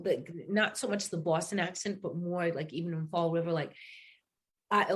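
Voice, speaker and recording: A middle-aged woman from New England, a singer telling stories in a casual interview. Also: on the low side. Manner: animated storyteller, acts out quotes. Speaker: singer and guest.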